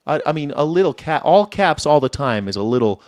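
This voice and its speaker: A man's voice: fairly high pitch, big pitch swings, fairly quick, darkish tone, no echo, clean studio sound. A man hosting a live news reaction stream, rambling in casual chat with lots of swearing and laughter. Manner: rambling, profane, laughs often. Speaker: host.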